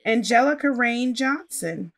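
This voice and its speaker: A woman's voice: on the high side, animated, unhurried, vocal fry, a bit bright. A woman casually commenting on her life-simulation gameplay and chatting to her characters as she plays. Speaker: gaming channel host.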